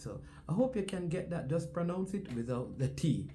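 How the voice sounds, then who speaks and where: Jamaican male sports host, warm mellow tone, preachy repetitive delivery. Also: fairly high pitch, animated, normal speed, hardly any pauses, a little hiss or hum. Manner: preacher-like cadence, repeats phrases for emphasis. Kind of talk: casual sports commentary with a sermon-like opening.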